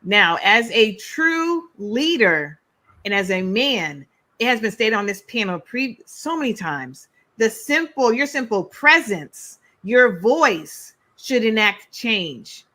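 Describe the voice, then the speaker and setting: A woman's voice: fairly high pitch, sing-song, takes it slowly, sharp tone. A woman on a debate panel, lecturing in an exasperated way about leadership.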